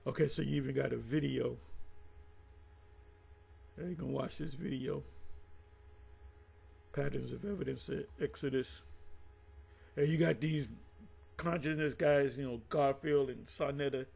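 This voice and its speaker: A man hosting his own channel, giving casual unscripted commentary on Bible history. He reads sources aloud and talks in a rambling, halting way, with restarts, asides and emphatic direct address to his viewers. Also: medium pitch, steady tone, creaky, darkish tone, husky.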